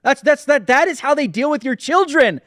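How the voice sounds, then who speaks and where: A man with a very high-pitched, animated, fairly bright voice hosts a political commentary show, delivering opinionated takes at normal speed. He sounds indignant, sarcastic, and emphatic, recorded in clean studio sound with no room echo.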